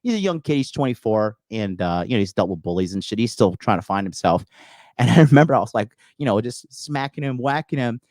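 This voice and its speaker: A man's voice: on the low side, sing-song, a little fast, darkish tone, no echo. A man in his thirties hosting a call-in coaching show, talking in a boastful, profane, emphatic way with lots of fillers. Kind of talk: casual livestream monologue.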